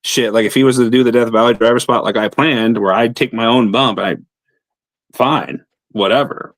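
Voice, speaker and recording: A man's voice: medium pitch, steady tone, normal speed, no room sound. A man, a pro wrestler guest, telling a blunt, profane story in casual talk.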